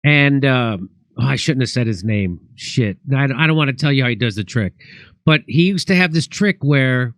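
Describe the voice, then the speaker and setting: A man's voice: mid-range voice, lively intonation, normal speed, no echo. A man who is a comedian and host, telling rambling comic stories in casual chat, full of restarts and acted quotes.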